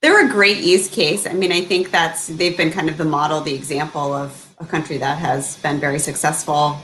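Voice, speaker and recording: Low-voiced woman co-hosting a podcast. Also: steady tone, a bit bright, a little hiss or hum, rough recording. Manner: agreeable, quick affirmations. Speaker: podcast co-host. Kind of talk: casual chat.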